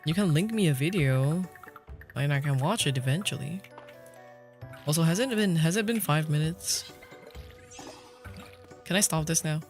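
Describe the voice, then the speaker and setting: A man's voice: a little high, normal speed, pauses often. A young man streaming a game, chatting casually with his viewers, rambling and laughing often. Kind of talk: casual livestream chat while gaming. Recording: faint background music.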